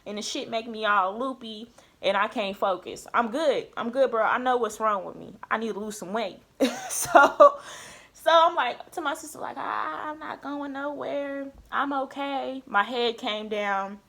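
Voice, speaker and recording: A woman's voice: on the high side, moderate pace. A young woman, a nursing student chatting candidly and with a lot of swearing as she tells her story. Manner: candid, profane, animated retelling. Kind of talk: casual storytelling chat.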